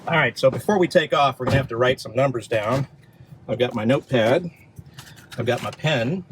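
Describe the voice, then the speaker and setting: A chatty, upbeat middle-aged man talks through a casual road-trip vlog, often pausing on fillers. His voice sits at a middling pitch. Faint outdoor and road noise hums behind him. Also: rough recording. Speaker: vlog host. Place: in and around a car at a charging station.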